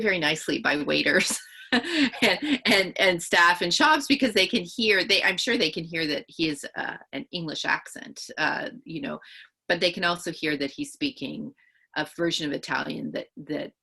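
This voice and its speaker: Low, gravelly-voiced woman author. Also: lively intonation, normal speed, pushed and bright. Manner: thoughtful, explaining at length with many restarts. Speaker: author being interviewed. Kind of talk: interview answers.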